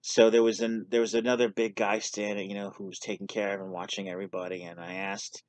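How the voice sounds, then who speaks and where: A man's voice: fairly low pitch, little pitch movement, fast talker, dry recording. A man casually telling a personal story on his vlog, candid and self-deprecating. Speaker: vlogger sharing his story.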